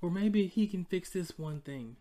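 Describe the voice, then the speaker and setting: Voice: mid-range voice, lively intonation, moderate pace, dark tone. A podcast host from Georgia, talking in a chatty, playful way straight to listeners and laughing often. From Georgia, USA. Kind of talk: casual solo podcast monologue.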